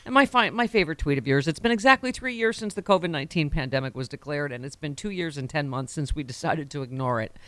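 Bright, teasing talk radio hostess. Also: female voice, sits low, no room sound. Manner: teasing, sarcastic, quick to laugh. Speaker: radio talk show host. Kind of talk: casual talk radio banter.

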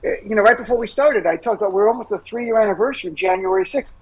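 Male talk-show guest, high husky voice, urgent and emphatic, dry close mic. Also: big pitch swings, rapid-fire, darkish tone, dry recording, low-quality recording. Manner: emphatic, urgent, repeats key words. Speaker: guest commentator. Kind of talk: political talk show discussion.

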